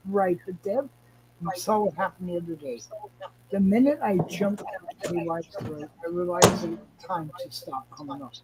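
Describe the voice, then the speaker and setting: A man's voice: high voice, expressive, moderate pace, noisy background. Male streamer, in pain, sleepless, angry, swears and rambles. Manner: agitated, profane, rambling with restarts. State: in pain, struggling to stay awake. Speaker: livestream host. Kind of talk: casual livestream chat.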